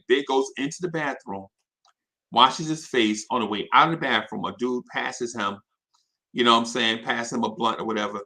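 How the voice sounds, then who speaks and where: A man's voice: medium pitch, normal speed. A man hosting a live show, telling an anecdote with energy and checking in with his audience as he goes. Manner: energetic, restarts a lot, checks in with "right?". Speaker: host.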